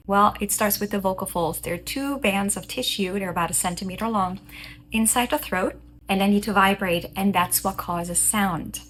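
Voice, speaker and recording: Woman vocal coach explaining things, calm n clear, mid pitch, bit of hum in the back. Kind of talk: educational talk to camera.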